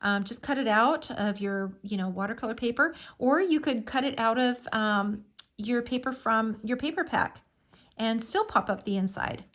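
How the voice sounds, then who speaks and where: A woman's voice: on the high side, normal speed, a bit bright. A woman hosting a live craft tutorial, talking through each step in a chatty, enthusiastic way with frequent fillers.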